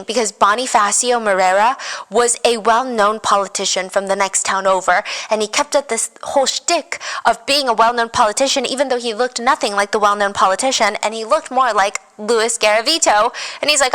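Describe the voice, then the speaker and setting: A woman hosting a podcast, retelling a true crime story in a casual, animated way with wry asides. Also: fairly high pitch, fairly quick, low-quality recording. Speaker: podcast host.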